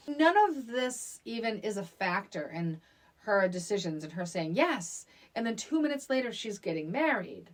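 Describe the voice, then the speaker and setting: A young woman co-hosting a casual movie podcast, talking in an animated, emphatic way with frequent restarts. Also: mid-range voice, moderate pace. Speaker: podcast co-host.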